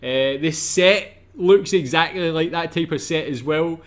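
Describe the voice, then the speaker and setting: A man hosting a reaction video, commenting in a relaxed, chatty way. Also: a little high, measured pace. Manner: laughs a lot, relaxed and chatty.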